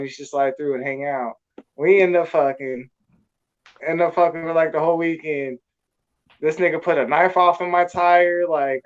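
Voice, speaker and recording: A man's voice: a little high, muffled recording. Blunt, profane man telling a story. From California. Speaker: storyteller guest. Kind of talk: casual storytelling.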